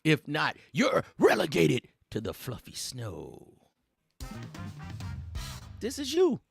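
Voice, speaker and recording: Gravelly, mocking commentary host. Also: male voice, a little high, slow, music in the background. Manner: mocking, animated, slangy. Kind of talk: casual commentary rant.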